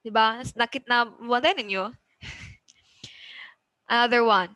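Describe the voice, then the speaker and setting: A woman's voice: a little high, steady tone, a little slow, long pauses, sharp tone, no room sound, rough recording. A Filipino woman with a Cebuano accent teaching an online class. She checks in with "okay?" all the time and mixes English with Cebuano.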